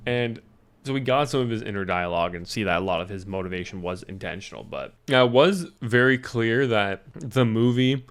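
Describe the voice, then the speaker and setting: A man's voice: on the low side, lively intonation, fairly quick, clear, resonant tone. A young man rambling casually about an anime movie, swearing freely and laughing often. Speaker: YouTuber reviewing an anime film. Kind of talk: casual chat.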